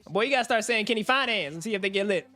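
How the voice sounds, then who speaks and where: A man's voice: high voice, rapid-fire, faint music behind. A young man hosting a finance livestream, chatting casually with his viewers and laughing often. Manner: animated, chatty, talks to chat, laughs often.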